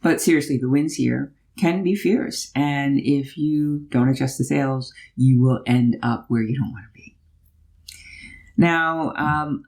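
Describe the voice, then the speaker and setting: A middle-aged woman tells a personal story in a chatty, animated way, often checking in with her listener. She is speaking from a car during a road trip. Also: deep voice. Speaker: vlogger. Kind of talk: storytelling while driving.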